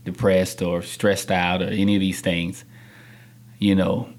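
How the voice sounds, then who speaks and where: Animated man telling stories in interview. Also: measured pace. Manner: animated storyteller, acts out quotes with big pitch jumps. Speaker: podcast guest, songwriter. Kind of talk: candid interview talk. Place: podcast studio.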